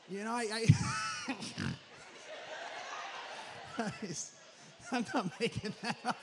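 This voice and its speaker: Stand-up comic, high voice, profane riffing, faint room noise. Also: male voice, animated. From New Jersey. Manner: profane, rambling, rapid riffing. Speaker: stand-up comedian. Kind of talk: stand-up comedy set.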